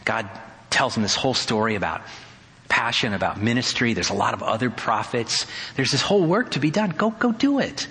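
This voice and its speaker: Man, pastor, sermon, conversational, wry humor, bright tone, church hall echo. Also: medium pitch, animated, brisk. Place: church sanctuary. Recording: hall reverb.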